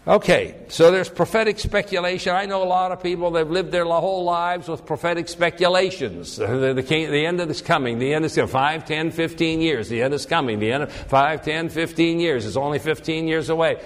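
A man preaching a sermon in an animated way. He swings between loud, high emphasis and low, quiet tones, and he often repeats and restarts words as he thinks aloud. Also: fairly quick, hardly any pauses. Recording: long hall reverb.

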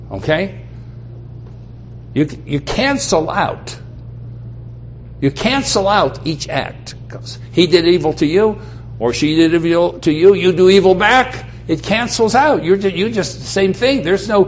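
A man's voice: fairly high pitch, slight background noise. A man preaching a sermon. He speaks emphatically and repeats key phrases for weight.

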